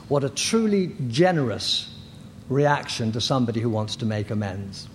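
An older man in his sixties giving personal testimony as a recovery meeting speaker, halting, candid and self-deprecating. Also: mid-range voice. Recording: echoey hall with faint noise.

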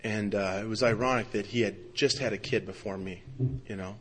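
A man's voice: lowish voice, fairly even intonation, brisk, a bit bright, husky. Man rambling through a heartfelt story. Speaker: speaker sharing his recovery story. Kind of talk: personal testimony talk.

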